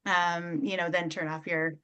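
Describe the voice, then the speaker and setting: A woman hosting an online comedy show, doing a deadpan stand-up set full of fillers and restarts. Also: on the low side, normal speed, smooth. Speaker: comedy host. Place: video call.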